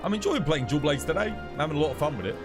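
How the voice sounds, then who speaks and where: A man's voice: a little high, very fast, over music. Rambling London-accented male streamer. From England. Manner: rambling, relaxed, lots of "like" and restarts. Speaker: game streamer. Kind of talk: casual chat while gaming.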